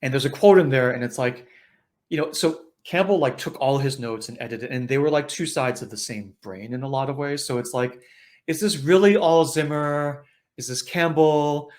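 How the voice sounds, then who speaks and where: A man's voice: mid-range voice, normal speed, a little mellow. A man hosting an online spiritual session, talking in a conversational, reflective way with many filler uhs and restarts.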